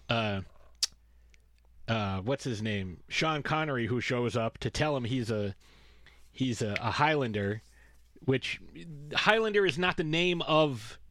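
A man's voice: mid-range voice, fairly bright tone, dry recording, studio quality. Rambling, sarcastic male podcast host. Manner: rambling, sarcastic, swears freely. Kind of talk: casual chat.

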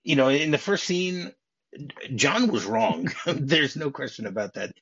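A man's voice: a little high, very animated, unhurried, creaky, fairly bright tone, husky, dry recording. A middle-aged man hosting a podcast, chatting casually about a film in a rambling way with restarts and chuckling asides. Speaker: podcast host. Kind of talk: casual film-discussion chat. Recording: dull, dry home-podcast audio.

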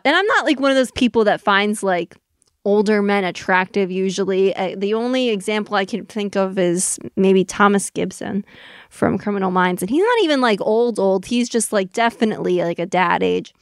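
Woman gushing on a podcast, lots of likes, mid pitch, dry sound. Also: moderate pace, dry recording. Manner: gushing, emphatic, filler-heavy. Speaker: podcast co-host. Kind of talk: casual chat.

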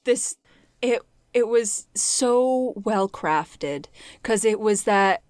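A woman's voice: medium pitch, animated, drawn-out words, a little mellow, no echo. A woman co-hosting a casual podcast, recapping a show with lots of laughter and casual swearing. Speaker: podcast co-host.

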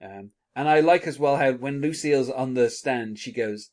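Brief: a man of middling pitch, hosting a casual podcast; enthusiastic, laughs often. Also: normal speed, a little mellow. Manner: enthusiastic, chuckles often, many fillers. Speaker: podcast host. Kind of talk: casual TV episode discussion.

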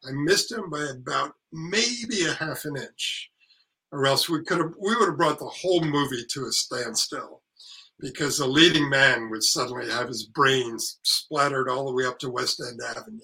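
An older man with a very bright, forceful voice spins casual stories about his acting days. He acts out everyone's lines and swears freely. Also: a little high, vocal fry, poor audio. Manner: animated anecdote telling, acting out quotes, swearing. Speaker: actor and author guest. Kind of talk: casual storytelling interview.

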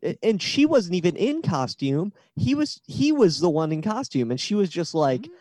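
A man's voice: high voice, very animated, moderate pace, darkish tone, dry recording. A man in his thirties co-hosting a podcast, telling a story with lots of build-up in casual chat. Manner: chatty storyteller with long build-ups. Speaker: podcast co-host.

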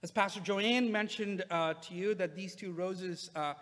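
A male pastor preaching a sermon in a relaxed, conversational way, with frequent "uh" fillers. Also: high voice, a little slow, in a large hall.

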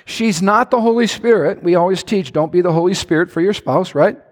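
A man preaching a sermon as a pastor, animated, with sudden shouts and playful impressions. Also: high-pitched, a little fast. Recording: long church hall reverb.

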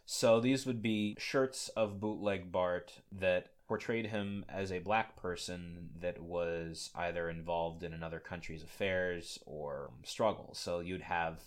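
A man's voice: low-pitched, fairly even intonation, slow pace, hardly any pauses. A man hosting a podcast, giving a rambling, good-humored lecture with frequent fillers and laughs. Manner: rambling, laughing, self-deprecating. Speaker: podcast host.

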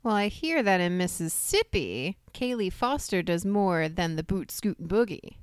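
A woman's voice: on the low side, sing-song, measured pace, smooth. A woman co-hosting a casual comedy podcast, giggly and often laughing at herself. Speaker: podcast co-host.

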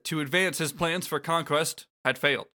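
Bright-voiced, wry podcast co-host. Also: male voice, a little high, normal speed. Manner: wry and joking, reads story beats aloud. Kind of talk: casual podcast chat recapping a game.

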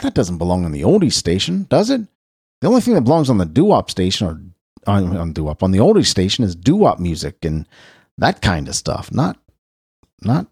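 Lively, chatty middle-aged male radio host. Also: mid-range voice, slightly rough, no echo, studio quality. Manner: rambling, self-correcting, chatty asides. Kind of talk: casual birthday and history rundown.

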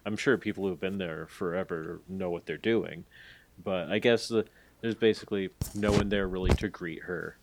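Low-voiced man rambling on a podcast. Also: fairly even intonation, moderate pace, creaky, a little hiss or hum. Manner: rambling, hedging, many fillers. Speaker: podcast co-host. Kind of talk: casual podcast chat.

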